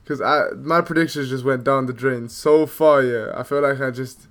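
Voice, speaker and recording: A man co-hosting a podcast in casual sports chat, teasing, laughing loudly and often calling people bro. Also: medium pitch, steady tone, normal speed. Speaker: podcast co-host.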